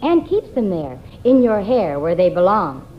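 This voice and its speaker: A woman delivering a live on-air commercial in a persuasive sales pitch. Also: very animated, a little slow, slight background noise. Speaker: commercial presenter. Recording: dull off-air TV recording.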